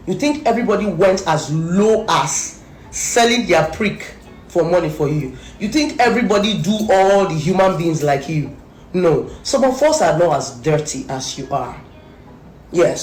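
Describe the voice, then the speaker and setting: A woman with a Nigerian accent, fairly low in pitch and darkish in tone, rants fiercely at the camera as a social media commentator, leaning on repetition to press her accusations. The recording is echoey, with faint music underneath.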